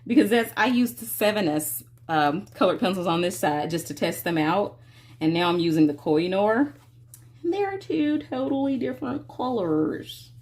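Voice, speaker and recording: A woman's voice: mid-range voice, expressive, moderate pace, a little mellow. A woman hosting a casual coloring tutorial, chatting to her viewers while she works and stretching out her words.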